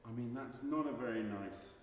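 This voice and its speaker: A man coaching a singer in a masterclass, animated and jokey, often restarting his sentences and singing short examples. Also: medium pitch, moderate pace. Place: large recital hall. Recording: echoey hall from far off.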